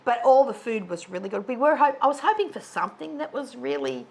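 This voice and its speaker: A woman co-hosting a stitching channel, chatting casually and rambling with many fillers and restarts, seated on a bed in a dark room. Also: a little high, expressive, a little fast, gravelly, breathy edge. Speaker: co-host of a stitching video channel. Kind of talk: casual chat. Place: dark bedroom, sitting on a bed.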